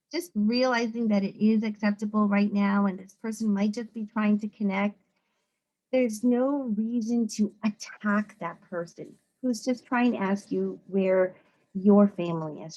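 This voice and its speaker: A woman psychologist from the United States giving an informal talk to students, conversational and animated, often acting out other people's voices. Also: mid-range voice, unhurried, rough recording.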